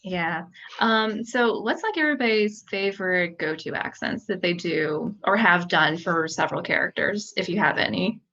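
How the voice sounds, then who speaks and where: A woman's voice: lowish voice, pushed and bright. Chatty woman on a dull mic. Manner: chatty, quick to laugh. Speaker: host. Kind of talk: casual chat.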